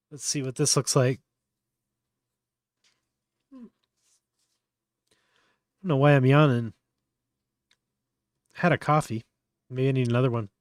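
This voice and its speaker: A man hosting a live tutorial stream, thinking aloud in a relaxed, offhand way at a close mic. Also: mid-range voice, smooth, no room sound. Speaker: livestream host. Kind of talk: casual live tutorial commentary.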